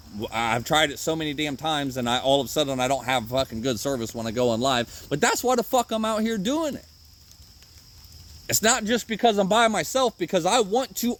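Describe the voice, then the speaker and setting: A man's voice: on the high side, fairly bright tone. A man hosting a podcast, giving a rambling, profane motivational monologue outdoors in the woods in the rain. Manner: rambling and profane, swears often, jokes at himself. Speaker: podcast host.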